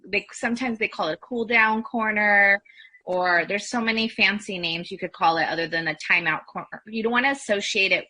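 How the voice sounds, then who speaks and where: A woman's voice: medium pitch, fairly quick, bright, forceful tone. A woman, a former first grade teacher, giving earnest, practical advice to parents as an interview guest. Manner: earnest, practical, acts out dialogue.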